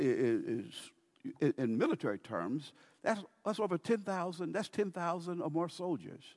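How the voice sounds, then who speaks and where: Preaching pastor, man, in a reverberant hall. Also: mid-range voice. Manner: animated preaching with laughs and dramatic quoted voices. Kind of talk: sermon. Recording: long reverb of a church hall.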